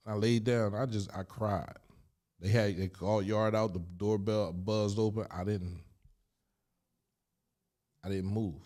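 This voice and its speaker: A middle-aged man from Chester, Pennsylvania, a guest telling his life story candidly, emphatic and animated, full of street slang. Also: lowish voice, unhurried, pauses often.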